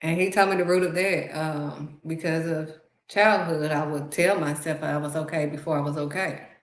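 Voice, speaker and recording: A woman's voice: deep voice, fairly even intonation, normal speed. A woman giving heartfelt spiritual encouragement in a conversational preaching style, repeating phrases for emphasis. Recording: roomy echo.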